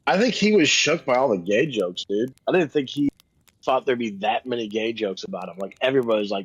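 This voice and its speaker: A man's voice: medium pitch, lively intonation, brisk, slightly rough, dry recording. A man co-hosting a casual comedy podcast, chatting in an offhand way. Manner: offhand, chatty, says dude and like. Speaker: podcast co-host. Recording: slightly dull lo-fi mic.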